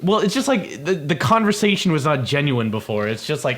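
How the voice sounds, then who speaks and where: A man's voice: fairly high pitch, big pitch swings, fairly quick, fairly bright tone. A man from Canada telling a rambling, profane story casually on a stream.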